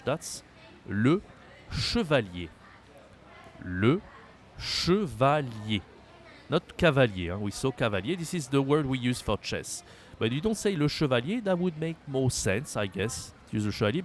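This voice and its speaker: A man teaching a language lesson, patiently repeating words slowly for learners. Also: medium pitch, slight background noise. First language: French. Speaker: French teacher.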